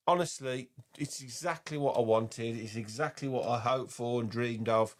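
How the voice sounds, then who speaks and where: A man hosts a fan phone-in, teasing callers and gushing with enthusiasm. His voice sits at an ordinary middle pitch. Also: steady tone, moderate pace, hardly any pauses. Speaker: host. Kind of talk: casual phone-in hosting.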